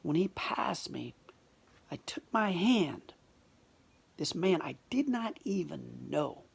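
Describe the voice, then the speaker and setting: A woman telling a personal story in an emotional, confessional way, often dropping to a hushed near-whisper. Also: lowish voice, sing-song, takes it slowly, gravelly, slightly rough.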